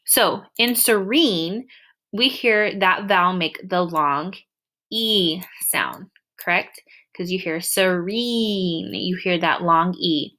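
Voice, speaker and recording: A young woman teacher walking through a screen-recorded lesson, patiently explaining and drawing out example words slowly. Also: lowish voice, pushed and bright.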